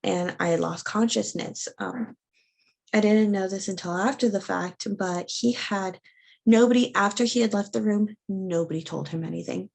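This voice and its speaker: Young woman, interview guest, gravelly edge, halting personal storytelling with lots of ums. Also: medium pitch, a little mellow. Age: young adult. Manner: halting, many fillers and restarts. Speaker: interview guest sharing her birth story.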